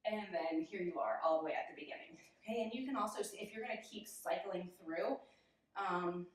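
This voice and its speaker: A young yoga instructor guides a session while demonstrating the poses on a mat, speaking briskly in a lowish voice. She's chatty, giggly and self-deprecating, getting out of breath as she moves. A distant camera mic captures her in a very echoey room, so she sounds far off.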